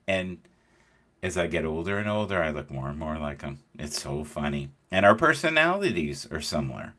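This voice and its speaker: A middle-aged man hosts a relaxed conversation, his low voice swinging widely in pitch as he tells stories. His tone is bright and forward, and he jumps into the voices of the people he describes. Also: moderate pace. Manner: animated storyteller acting out quoted voices. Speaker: host. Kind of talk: casual chat.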